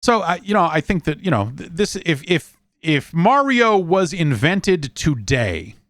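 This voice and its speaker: A man's voice: fairly high pitch, sing-song, measured pace, fairly bright tone, no room sound, clean studio sound. A man hosting a podcast in a casual, wry, rambling chat full of fillers and restarts. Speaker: podcast host.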